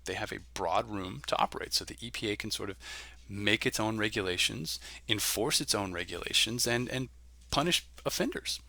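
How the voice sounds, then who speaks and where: A man, a college instructor, giving a conversational recorded lecture, often pausing with "um" and checking in with "right?". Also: on the low side, creaky, bright, forceful tone.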